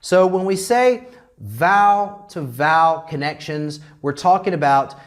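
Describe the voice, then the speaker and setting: An American man teaching English grammar in a classroom lecture, animated and checking in constantly with "okay?". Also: fairly high pitch, a little slow. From United States.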